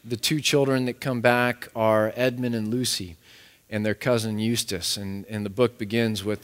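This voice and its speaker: A man's voice: fairly low pitch, little pitch movement, normal speed, clear, resonant tone. Male preacher, earnest, repeats himself a lot, big echoey room. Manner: earnest, repeats words as he restarts. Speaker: pastor. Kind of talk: sermon. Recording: echoey hall.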